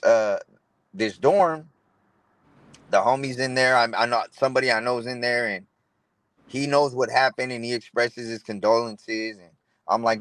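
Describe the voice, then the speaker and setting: A man's voice: mid-range voice, fairly bright tone, no room sound. A young man, telling a personal story in an interview in laid-back street slang, often saying "bro" and acting out what people said. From Los Angeles area, California. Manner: street slang, says "bro" a lot, retells dialogue. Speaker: interview guest.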